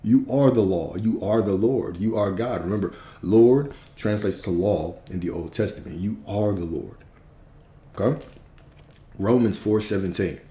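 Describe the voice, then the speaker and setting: A man's voice: lowish voice, unhurried, warm tone, reverberant. A man teaching on a livestream in an emphatic, preacherly manner, repeating key phrases and swearing casually. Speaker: spiritual teacher.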